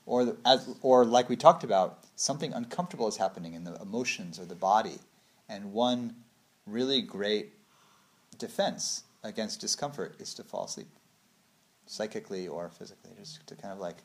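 A man in his thirties giving a casual meditation talk, acting out little quotes with big swings of voice. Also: moderate pace. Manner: animated storytelling, acts out quotes with big pitch swings. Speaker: meditation teacher.

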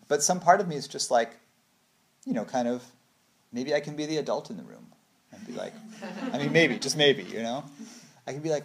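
A man's voice: a little fast, long pauses. A man in his thirties giving a casual meditation talk, acting out little quotes with big swings of voice. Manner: animated storytelling, acts out quotes with big pitch swings. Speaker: meditation teacher.

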